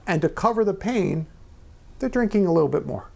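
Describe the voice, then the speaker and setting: A man's voice: high-pitched, expressive, brisk, creaky, a little mellow. A middle-aged man, telling personal stories earnestly in an onstage conversation, sometimes dropping to a near-whisper. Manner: earnest storyteller, drops to near-whisper at times. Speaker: guest speaker. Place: small members' club event room.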